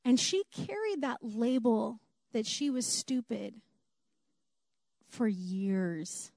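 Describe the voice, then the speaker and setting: A woman's voice: a little high, animated, takes it slowly, creaky, mellow, no room sound, clean studio sound. A woman preaching a sermon in an earnest, emphatic way, repeating her key phrases for weight.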